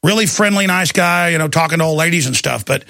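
Male talk host, middle-aged, gravelly raspy voice, heated ranting monologue, dry sound. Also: a little high, pushed and bright, no room sound. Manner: heated, fast-shifting storytelling with voices.

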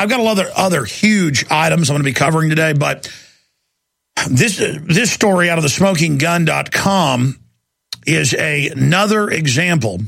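A man hosting a talk radio show, rambling fast with heavy sarcasm into a studio microphone. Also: fairly high pitch, creaky, a bit bright, husky, no echo.

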